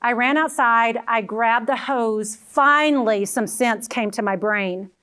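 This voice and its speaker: A woman's voice: fairly high pitch, a little slow, fairly bright tone, clean tone. A middle-aged woman giving a motivational talk, telling personal stories and calling the audience "friends.". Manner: storytelling, addresses audience as friends. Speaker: keynote speaker.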